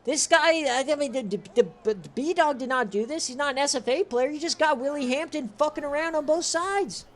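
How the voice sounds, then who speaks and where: A man giving excitable, profane play-by-play of a streamed online football game, his voice strained from shouting. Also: fairly quick, hardly any pauses. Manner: swings from shouted calls to low, relaxed chatter. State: straining voice, says he is losing it.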